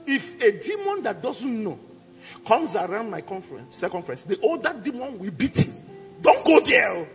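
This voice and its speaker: A man's voice: big pitch swings, moderate pace. Fiery preaching man in an echoey hall. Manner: fiery preaching, swinging from low to shouted declarations. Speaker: pastor. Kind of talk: sermon. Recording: echoey hall with dull sound and faint music.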